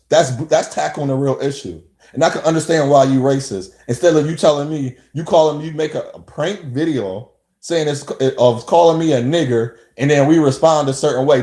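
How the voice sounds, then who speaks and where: A man's voice: on the high side, a little mellow, echoey room. A man talking straight to camera in a rambling monologue, full of rhetorical questions and restarts. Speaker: vlogger.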